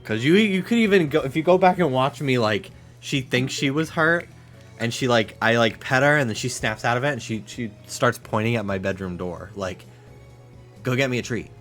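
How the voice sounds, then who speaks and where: A man streaming a game from his home office, chatting casually, swearing freely and cooing to his dog in high baby talk. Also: moderate pace, a bit bright, soft background music.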